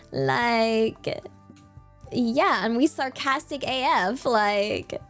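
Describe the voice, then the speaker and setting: A woman's voice: on the high side, expressive, very slow, faint music behind. A young woman with a British accent chatting casually on her livestream, rambling through lots of fillers and laughing often. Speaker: streamer.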